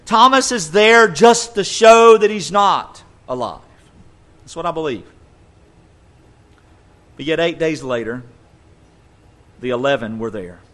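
A male preacher delivers a sermon in a fairly high voice, driving his points home through repetition. He often halts to rephrase himself as he goes. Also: a bit bright. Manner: emphatic, repetitive, self-correcting. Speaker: pastor.

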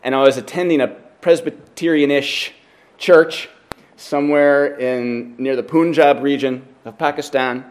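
A pastor preaching a sermon, working through scripture passage by passage and growing more animated as he tells a story, sometimes restarting his sentences. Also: mid-range voice. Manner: expository, animated when telling stories.

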